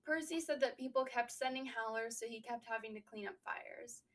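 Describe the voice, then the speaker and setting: A young woman co-hosting a casual book podcast, recapping a chapter and riffing with quick asides. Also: fairly high pitch, a bit bright, far from the mic, rough recording. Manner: chatty, recaps then riffs with quick asides. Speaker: book discussion podcast host.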